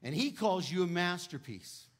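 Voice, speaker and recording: A man in his fifties preaching a sermon to a church, telling a personal family story, swelling loud on key lines and dropping soft and low on sad parts. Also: lively intonation, normal speed. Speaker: guest preacher. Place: church sanctuary.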